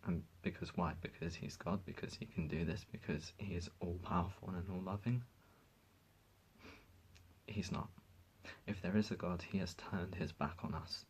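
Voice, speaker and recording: A man's voice: deep voice, slight background noise, poor audio. A man vlogging to his viewers, speaking in an impassioned, indignant rant that halts and restarts as he gets emotional. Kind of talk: emotional talk to camera.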